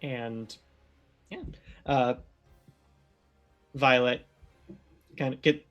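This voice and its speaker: A man narrating as game master of a tabletop role-playing game, often pausing with fillers as he describes the scene. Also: medium pitch, fairly even intonation, a bit bright, muffled recording, soft background music. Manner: hesitant, filler-heavy narration.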